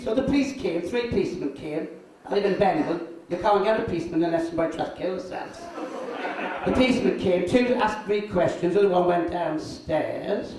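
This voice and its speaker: An older man, a drag performer telling crude, deadpan anecdotes on stage. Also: high-pitched, a little fast, slight background noise. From North East England. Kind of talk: bawdy stand-up storytelling. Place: live show venue. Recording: echoey room, from far off.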